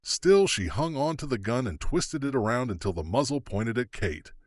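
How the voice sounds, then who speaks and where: Animated male audiobook narrator. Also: medium pitch, moderate pace, no room sound. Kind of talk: scripted narration.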